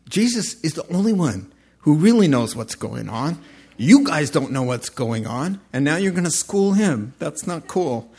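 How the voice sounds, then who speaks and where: A man preaching a sermon in a conversational, animated way, acting out short voices as he tells stories. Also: on the high side, slightly rough. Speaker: pastor.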